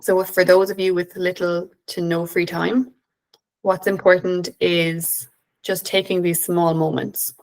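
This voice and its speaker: A woman in her thirties with an Irish accent presents to an online audience, gently guiding her listeners. Her lowish voice carries a gravelly edge. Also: level tone, measured pace, rough recording. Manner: gentle, guiding, with filler "um"s and restarts. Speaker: behaviour analyst presenter.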